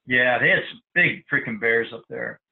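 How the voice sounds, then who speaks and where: A man taking part as a guest in a casual hunting podcast, relaxed and agreeable. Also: mid-range voice, moderate pace, vocal fry, phone-quality sound. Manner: relaxed, agreeable, frequent short affirmations. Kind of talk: casual chat.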